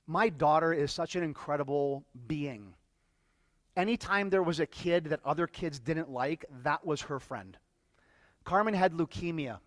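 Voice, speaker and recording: In a dry recording, a man with a slightly high voice addresses a live audience as a workshop speaker. He recounts a personal story emotionally, stumbling and frequently repeating words.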